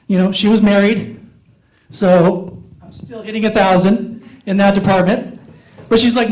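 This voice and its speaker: A man with a high, light voice telling self-deprecating stories in a stand-up comedy set on a small theater stage. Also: steady tone, moderate pace, pauses often, darkish tone, poor audio. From Iowa, USA. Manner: self-deprecating storytelling, jumps up in pitch for inner thoughts.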